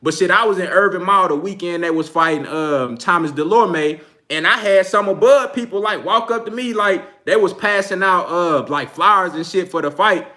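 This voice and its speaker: A man's voice: sits high, normal speed, few pauses, bright, forceful tone. A man with a Texan accent hosting a casual livestream about boxing, slangy and loose, laughing often. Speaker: boxing channel host.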